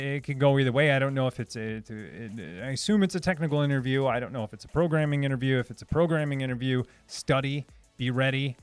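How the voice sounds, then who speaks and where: A man's voice: medium pitch, smooth, no echo. A man hosting a casual live stream, answering chat questions in a hesitant, restarting way. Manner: hesitant, many restarts, reads chat aloud.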